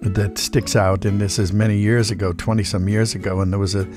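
A man in his sixties, a voice actor, talking in a relaxed, folksy way in an interview and telling anecdotes with the odd acted-out voice. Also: on the low side, a little fast, music in the background. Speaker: voice actor guest.

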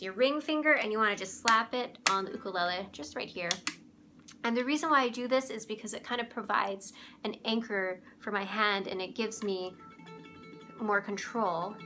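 A young woman giving a relaxed, chatty ukulele lesson, often pausing to search for words. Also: on the high side. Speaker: ukulele teacher. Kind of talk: casual instrument tutorial. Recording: clear ukulele playing behind the voice.

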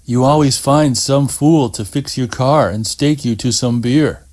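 A man voicing an adult male camp leader in an audiobook reading, brisk with a slight edge. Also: medium pitch, a little mellow, lightly acted.

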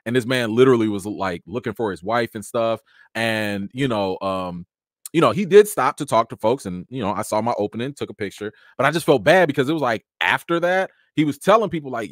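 A man casually telling stories from an awards show, chatty with many fillers, jumping into a high excited voice when acting out his encounters. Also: brisk, no echo, clean studio sound. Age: adult with a child. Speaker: vlogger recounting an awards show. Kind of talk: casual storytelling chat.

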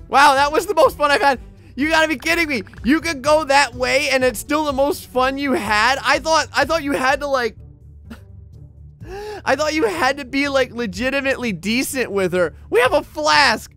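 A man's voice: extremely high pitch, lively intonation, unhurried, bright, forceful tone, soft background music. A man giving casual let's-play commentary, joking, swearing and laughing as he plays. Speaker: gameplay commentator.

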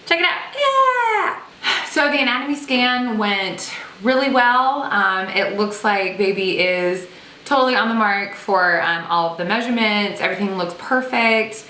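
A woman's voice: medium pitch, normal speed, pushed and bright. A young woman chatting and joking as she vlogs to her camera at home. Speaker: vlogger. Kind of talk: casual pregnancy vlog to camera. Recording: echoey room with faint hiss.

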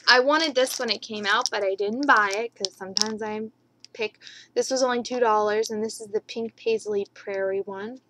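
A woman's voice: medium pitch, steady tone, moderate pace, sharp tone, slight background noise, low-quality recording. A woman showing off her scrapbooking purchases in a casual haul video, gushing and repeating how much she loves each item, with rambling asides.

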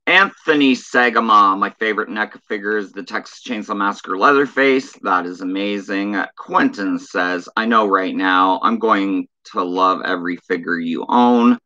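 A man hosting a casual live stream, reading viewer chat messages aloud in a flat drawl. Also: on the low side, normal speed, few pauses, dull audio.

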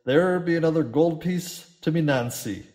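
A man voicing a rough, drunken old sea captain who bellows in old seafaring dialect. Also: a little high, moderate pace, darkish tone, pitched above the performer's own voice, close to an everyday voice. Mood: scornful.

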